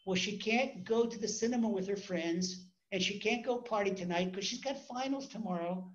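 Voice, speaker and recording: Conversational rabbi, muffled recording. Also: male voice, high voice, normal speed. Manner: conversational, repeats words, acts out stories. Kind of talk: Torah class.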